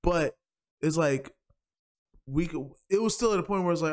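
A man co-hosting a podcast, talking in a rambling, animated way, full of profane slang. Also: a little high, normal speed, pauses often. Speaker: podcast co-host. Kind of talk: casual chat.

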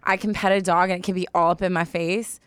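A woman's voice: lowish voice, little pitch movement, fast talker, a bit bright, smooth, dry recording. A woman in her twenties co-hosting a podcast, chatting casually with many restarts and fillers. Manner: rambling, many restarts and likes. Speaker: podcast co-host. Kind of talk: casual chat.

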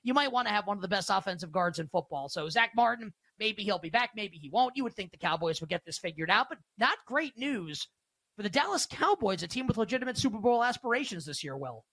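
A male host talking through sports betting in an energetic, emphatic, casual way, often firing off rhetorical questions. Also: high voice, quick pace, no echo.

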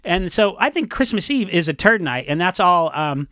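A punk musician guesting on a podcast chats casually, telling rambling stories full of fillers and laughter. His voice sits high and sing-song, pushed and bright, at a moderate pace, recorded in studio quality with no echo.

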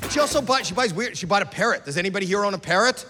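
An older man doing stand-up crowd work at a comedy club, loud and incredulous, shouting at an audience member. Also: high voice, animated, very fast, over music. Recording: reverberant club, crowd noise. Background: laughing crowd.

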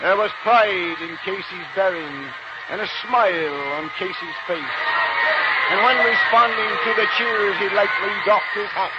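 A man giving a dramatic recitation of verse, declamatory, swinging between booming shouts and hushed, somber tones, on a hissy old radio recording. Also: a little slow, muffled recording.

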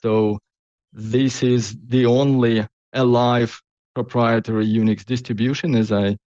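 A man's voice: mid-range voice, level tone, a little slow, mellow, no room sound, muffled recording. A man as the interview guest, answering hesitantly with non-native phrasing. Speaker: guest, company founder.

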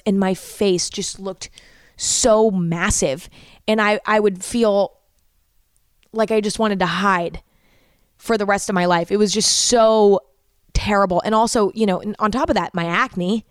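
A woman's voice: mid-range voice, smooth, dry recording, clean studio sound. A woman in her twenties, a content creator, telling a personal story to camera in a candid, emotional way with casual swearing.

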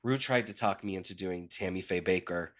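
A man chatting as a podcast guest, candid and quick to poke fun at himself. His voice is bright and his stories run loose and casual. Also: low voice. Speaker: podcast guest, drag performer. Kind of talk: casual interview chat.

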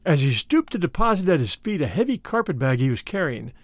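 A man narrating a classic short story in a measured, expressive audiobook reading. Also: fairly high pitch, no room sound.

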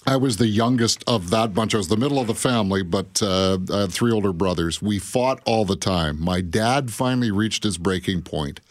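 A man's voice: on the low side, normal speed, hardly any pauses. Middle-aged man rambling through family stories. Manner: rambling anecdotal storyteller. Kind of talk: casual radio chat.

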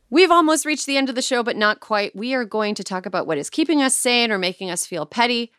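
Woman podcast host, smooth and clear, mid pitch, dry close mic; wry and joking. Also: animated, a little fast, fairly bright tone, no echo. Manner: wry, joking, slips into mock regional accents. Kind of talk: casual chat.

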